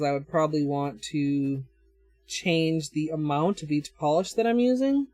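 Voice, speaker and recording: A woman with a Minnesotan accent talks through a nail art livestream at an unhurried pace, thinking aloud and answering her chat. The sound is close and dry, with faint music playing underneath. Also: deep voice, darkish tone, no echo. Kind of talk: casual livestream chat while demonstrating.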